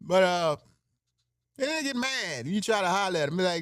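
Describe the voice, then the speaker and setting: A man's voice: high-pitched, big pitch swings, brisk, a bit bright, no room sound, clean studio sound. A man hosting a podcast, delivering a brash, joking monologue in with lots of laughing asides. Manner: brash, joking, laughs at his own bits. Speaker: podcast host. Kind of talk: casual comedic monologue.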